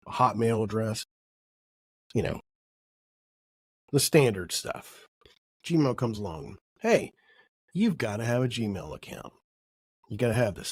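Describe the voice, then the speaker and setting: Middle-aged guy rambling thru a story, jokey, mid pitch, dry sound. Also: dry recording. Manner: rambling, self-correcting, jokey. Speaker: podcast host. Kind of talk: casual storytelling monologue.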